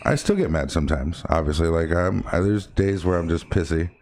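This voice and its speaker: Man, very low voice, rambling casual chat, laid-back. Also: fairly quick, darkish tone, a little hiss or hum. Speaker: co-host.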